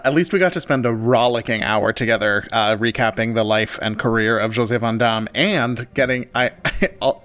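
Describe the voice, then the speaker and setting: A man's voice: mid-range voice, fairly bright tone. A man co-hosting an opera talk podcast, joking playfully and laughing mid-sentence in casual chat. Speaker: podcast co-host.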